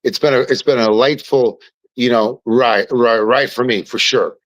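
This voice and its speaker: Animated man telling stories. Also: medium pitch, moderate pace, dry recording, rough recording. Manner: animated, repeats and restarts words. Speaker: podcast guest. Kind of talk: casual storytelling chat.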